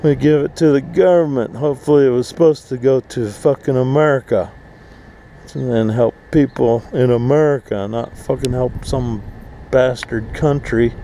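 Slow, gravelly man for an angry, swear-heavy outdoor rant. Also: mid-range voice, mellow, slight background noise, poor audio. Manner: angry, swearing, mocking voices. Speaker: vlogger, full-time RVer. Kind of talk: profane rant to camera. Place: outdoors at an RV park.

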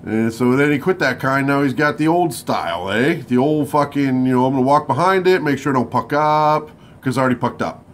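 A man rambling through a casual vlog, swearing constantly and breaking into loud outbursts. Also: mid-range voice, expressive, fairly quick, a little hiss or hum. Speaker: vlogger at a vape shop. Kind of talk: casual profane vlog chat.

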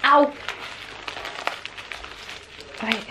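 A woman in her fifties unboxing gifts on her vlog, gushing and stammering with excitement, repeating her exclamations. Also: drawn-out words, very noisy. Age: 50s. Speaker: vlogger.

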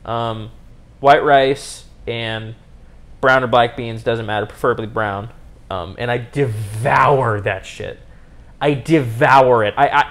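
A young man hosting a solo podcast in a casual, rambling way, cracking jokes at his own expense and often restarting sentences. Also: mid-range voice. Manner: rambling, jokey, self-mocking, frequent restarts. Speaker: podcast host.

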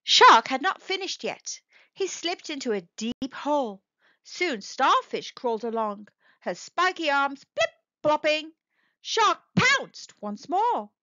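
Casting note: warm-hearted kids' story reader, a woman with a high, lively, unhurried voice, gentle and expressive. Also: no echo. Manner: gentle, sing-song and expressive. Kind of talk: slow expressive read-aloud for young kids. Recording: dull lo-fi dry recording.

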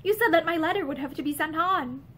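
A woman's voice: very high-pitched, fast, a bit bright. A woman reading the part of a proud young wife who answers coldly and obstinately in a novel read aloud. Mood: defiant. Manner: cold and obstinate.

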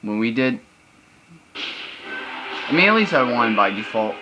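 A man's voice: mid-range voice, sing-song, brisk, dull audio, noisy background. A young man hosting casual gameplay commentary, chatty and loose, breaking into frustrated outbursts. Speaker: gaming channel host. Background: video game music.

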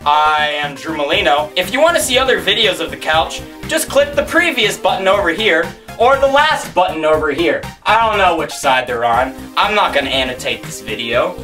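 A man rants goofily in mock-serious tones, often stumbling over his restarts. His voice is bright and sharp, with a lively, swinging pitch. He sounds distant from the mic, with faint music behind. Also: normal speed, hardly any pauses. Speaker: guest co-host. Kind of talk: absurd comedy rant.

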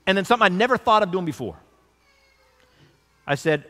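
A man's voice: high-pitched, lively intonation, fairly quick, long pauses, pushed and bright, in a large hall. A man preaching as a pastor, telling a story and leading an earnest prayer. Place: large tent meeting with long reverb.

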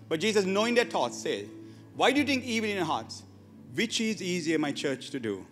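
A man's voice: high-pitched, big pitch swings, a little fast, fairly bright tone, in a large hall, faint music behind. A man preaching a sermon to his church, emphatic and often asking the congregation questions. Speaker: pastor. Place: church hall.

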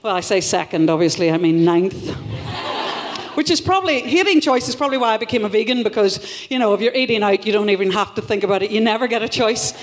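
A woman's voice: mid-range voice, fast talker. A woman from Northern Ireland with a Northern Irish accent, performing a live stand-up comedy set in a wry, self-deprecating, punchy way, swearing freely. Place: live show in a theatre venue.

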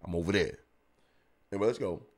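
A man's voice: sits low, fast talker. A man hosting a podcast, giving blunt, profane comedic commentary as he reacts to videos. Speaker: podcast host.

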